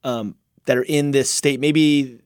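A man hosting a faith podcast, chatting casually with his guest and reacting with excited slang. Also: medium pitch, takes it slowly, clean tone, no room sound, clean studio sound. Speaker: podcast host. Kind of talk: casual interview chat.

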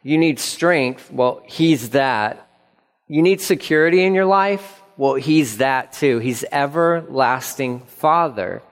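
Earnest pastor preaching in a reverberant hall. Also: male voice, medium pitch, slow. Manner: earnest, repeats phrases for emphasis, acts out quoted dialogue. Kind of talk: sermon. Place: church sanctuary. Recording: long reverb of a church hall.

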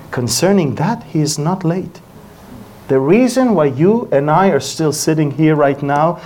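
Lively preacher for a sermon: big swoops in pitch, acts out voices, with loud peaks and hushed asides. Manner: animated, acts out dialogue with exaggerated voices; swings between loud exclamations and hushed asides. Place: church before an audience.

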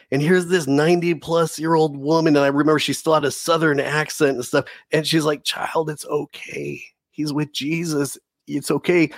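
A man's voice: a little high, no echo, studio quality. A man giving an earnest, emotional faith testimony as a podcast guest, often saying "dude". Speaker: preacher.

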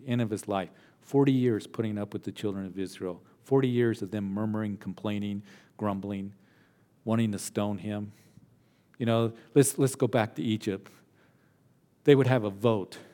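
Earnest male pastor preaching in a reverberant hall. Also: medium pitch. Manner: earnest, swings between hushed and emphatic. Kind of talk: sermon.

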